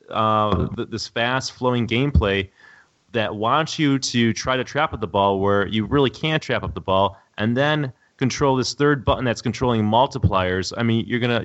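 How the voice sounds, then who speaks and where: A man's voice: medium pitch, moderate pace, a bit bright, dull audio. A man who is a podcast guest, giving an opinionated review of a game with frequent fillers. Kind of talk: casual chat, game review.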